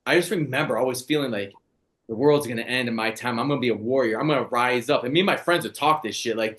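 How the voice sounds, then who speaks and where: A man's voice: mid-range voice, fast talker, fairly bright tone. A man in his forties, a podcast co-host, telling stories in blunt, profane casual chat. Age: 40s.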